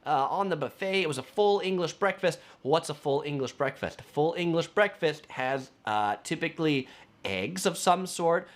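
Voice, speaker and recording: A man's voice: on the high side, animated, moderate pace. A man, a travel vlogger talking casually and chattily, with frequent fillers. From United States. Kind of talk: casual travel vlog talk.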